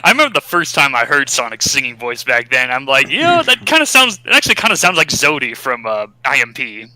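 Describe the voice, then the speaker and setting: A man co-hosting a casual podcast chat who laughs often and gets excitable. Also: mid-range voice, quick pace, dry recording, rough recording. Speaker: podcast co-host.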